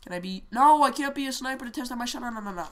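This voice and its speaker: A woman giving casual, excitable commentary while playing a shooter game, often shouting and repeating words in quick bursts. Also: on the high side, slight background noise. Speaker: gamer.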